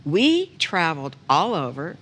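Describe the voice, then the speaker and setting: Animated woman talk show host. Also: sits low, measured pace, big-room sound. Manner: animated, laughing storyteller. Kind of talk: casual storytelling on a talk show.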